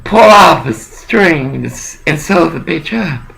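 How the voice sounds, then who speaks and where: Gravelly man ranting. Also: fairly high pitch, expressive, slow, fairly bright tone, low-quality recording. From Texas. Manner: profane, heated, rambling rant. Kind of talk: ranting monologue to camera.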